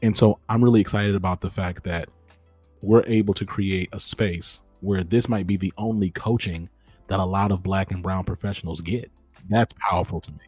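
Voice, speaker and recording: A young man hosting a podcast, talking in a lively casual way and calling his listeners y'all. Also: low-pitched, normal speed, husky, dry recording, soft background music. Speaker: host.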